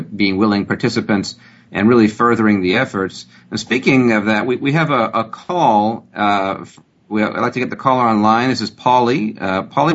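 Host: man, low husky voice, casual and friendly, muffled radio sound. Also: fairly bright tone. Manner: friendly, conversational, fillers like "you know". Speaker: radio show host, doctor. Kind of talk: radio talk show hosting. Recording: dull lo-fi broadcast audio.

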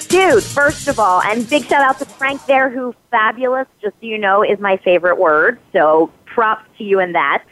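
A woman's voice: medium pitch, moderate pace, hardly any pauses, music in the background. A woman from Philadelphia, a guest actress, talking effusively and animatedly in a casual interview. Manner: effusive, warm praise, animated. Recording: dull dry phone-line sound.

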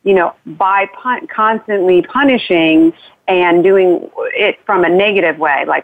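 A woman guest heard over a thin, phone-like line, her voice sitting fairly low. She talks earnestly and rambles, restarting her sentences as she explains things. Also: unhurried, dry recording. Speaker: author guest. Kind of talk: casual interview talk.

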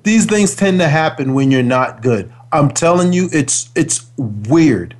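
A man's voice: fairly high pitch, expressive, unhurried, a little mellow. A man in his forties, a former pro football player, co-hosting a casual sports talk show and ranting emphatically about calls and teams. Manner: emphatic, exasperated ranting with repeated words.

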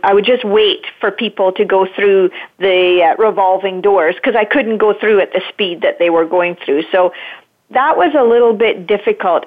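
Woman on a tinny phone line. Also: medium pitch. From Scotland. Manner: reflective, searching for words. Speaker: guest. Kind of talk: interview on a call-in show.

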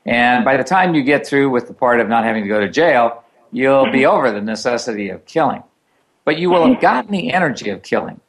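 A man co-hosting a casual talk show, giving matter-of-fact, deadpan advice. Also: mid-range voice, a little fast. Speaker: co-host.

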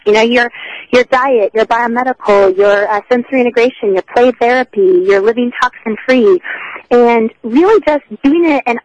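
A woman's voice: on the high side, no room sound, muffled recording. A woman co-hosting a casual chat, talking in a rambling way with lots of fillers. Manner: chatty, rambling, frequent fillers. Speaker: co-host.

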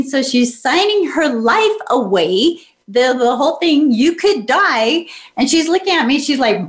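A woman's voice: fairly high pitch, animated, moderate pace, echoey room. A middle-aged woman hosting a motivational podcast, encouraging listeners with direct questions. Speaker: podcast host.

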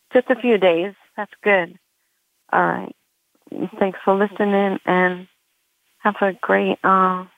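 A woman's voice: medium pitch, dry recording. A woman comedian doing a rambling stand-up set full of fillers, as a guest on a show. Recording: dry, tinny phone line.

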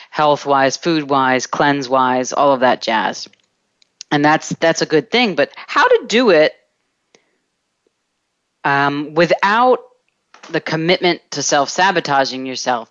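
Slow, deliberate self-help host. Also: mid-range voice, a bit bright, clear, resonant tone, no echo, lo-fi sound. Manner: slow, deliberate, stretching words in lists. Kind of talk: reflective coaching monologue.

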